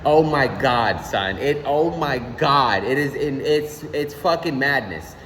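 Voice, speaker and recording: A young man ranting casually on his own channel, animated and slangy, swearing often and repeating "son". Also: medium pitch, slow, big-room sound, a little hiss or hum. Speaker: vlogger. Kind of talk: casual rant.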